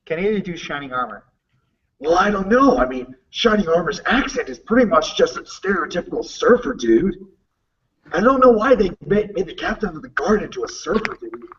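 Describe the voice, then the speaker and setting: A man's voice: high-pitched, big pitch swings, moderate pace, a bit bright, a little hiss or hum. A man co-hosting a podcast, rambling casually and hesitantly, on dull lo-fi audio. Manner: rambling, hesitant, many fillers. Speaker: podcast co-host. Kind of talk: casual chat.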